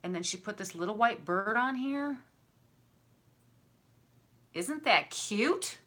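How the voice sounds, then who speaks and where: A woman's voice: medium pitch, expressive, slow, a bit bright. A woman, chatting casually and effusively to her viewers while unboxing gifts they sent her. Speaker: craft and decor vlogger.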